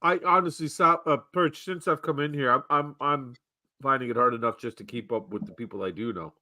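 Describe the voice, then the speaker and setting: A man's voice: medium pitch, fairly quick, sharp tone. A man as a guest on a casual podcast, joking and self-deprecating. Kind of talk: casual chat.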